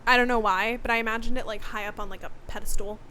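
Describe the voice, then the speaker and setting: A woman's voice: fairly high pitch, fairly even intonation, fast, bright, forceful tone, slight background noise. A woman co-hosting a casual book podcast, chatty, reading out quotes and saying "literally" often. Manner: chatty, says "literally" a lot, reads quotes. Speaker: podcast co-host. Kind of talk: casual chat about a book.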